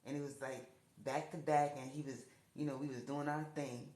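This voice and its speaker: A woman telling her own life story to camera, repeating herself and rising in pitch when upset. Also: steady tone, moderate pace, mellow. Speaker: TikTok storyteller. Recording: echoey room.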